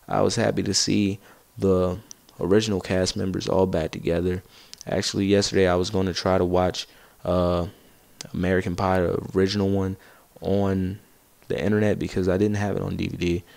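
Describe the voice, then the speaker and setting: Teen boy, gaming commentary, casual rambling story, excitable, low voice. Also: moderate pace, creaky, dry recording. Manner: rambling, gets loud and excited while laughing at his own stories. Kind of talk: casual storytelling over gameplay.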